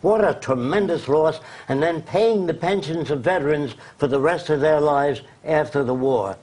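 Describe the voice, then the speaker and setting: Older male guest, husky, lectures with force, a bit high-voiced. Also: moderate pace, darkish tone, poor audio. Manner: emphatic, lecturing. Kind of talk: interview.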